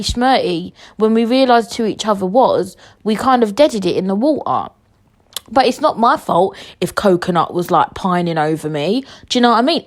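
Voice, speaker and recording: A young woman telling a storytime on her podcast, joking and swearing, lurching from loud outbursts to low mutters, a little queasy. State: queasy from food poisoning. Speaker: podcast host. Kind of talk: storytime monologue.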